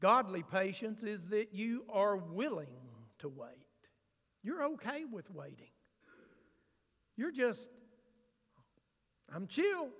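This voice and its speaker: Male pastor preaching in a church sanctuary, slow and deliberate delivery. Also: sits high, lively intonation, fairly bright tone, husky, long reverb tail. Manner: preaching with sudden swells of emphasis and asides. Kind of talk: sermon.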